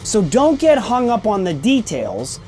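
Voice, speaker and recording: A man's voice: sits high, wildly swooping pitch, measured pace, a little mellow, soft background music. A man in his forties hosting a podcast, telling a candid personal story in a blunt, emphatic way, often checking in with "okay?" and swearing casually. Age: 40s. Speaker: podcast host.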